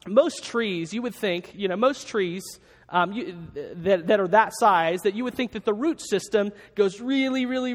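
A pastor preaching a sermon in a church, earnest and halting, with frequent restarts. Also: male voice, high-pitched, in a large hall.

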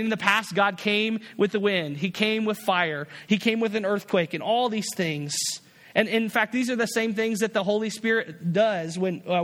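A man's voice: sits high, a bit bright, big-room sound. A man preaching a sermon as a pastor, earnest and repetitive, often restarting his phrases.

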